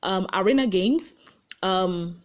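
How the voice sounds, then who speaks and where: Woman, Nigerian accent, casual gossip recap, animated quotes, tired late at night. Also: takes it slowly. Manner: animated storyteller, acting out quotes with big pitch jumps. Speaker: gossip vlogger. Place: her room at home.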